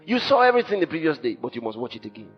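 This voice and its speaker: A pastor preaching a sermon emphatically, with sudden shouts and dramatic drops. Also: male voice, fairly high pitch, very animated, rapid-fire. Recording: dull lo-fi sermon recording with faint music.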